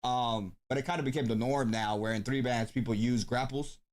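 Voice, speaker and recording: A man hosting a tournament live stream, talking casually and thinking aloud with frequent pauses and ums. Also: mid-range voice, fairly even intonation. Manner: laid-back, thinks aloud with many ums.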